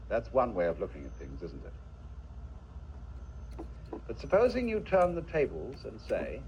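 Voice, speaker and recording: A man's voice: mid-range voice, a little hiss or hum. A man giving a philosophical lecture in a musing way, asking the listener rhetorical questions, heard from a dull lo-fi archival recording.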